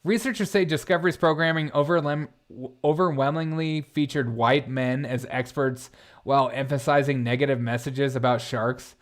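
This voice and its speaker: A man's voice: medium pitch, steady tone, moderate pace. Sarcastic man ranting on a live stream. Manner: sarcastic, mocking, reacts to chat. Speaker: political commentary host. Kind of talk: casual live-stream commentary.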